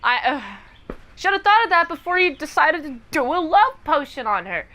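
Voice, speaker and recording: A young woman reviewer casually recaps a TV episode, animatedly acting out the characters as she tells it. Her voice sits high and she talks at a normal speed.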